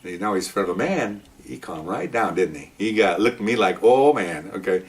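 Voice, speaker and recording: An older man in his sixties spins a story at a rapid clip, acting out sounds and voices as he goes. He leans on "okay" and "you know" between beats. His voice sits a little back from the microphone. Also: on the low side, lively intonation. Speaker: retired police officer. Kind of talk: casual storytelling. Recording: voice a bit far from the mic.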